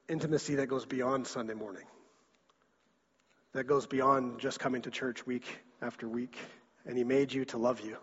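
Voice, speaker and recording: A man preaching in a church hall, his slightly husky voice carrying a long reverb off the walls. He talks in an earnest way, doubling words as he presses a point. The sound is dull and lo-fi. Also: medium pitch. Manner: earnest, repeats words when stressing a point. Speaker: pastor. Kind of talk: sermon.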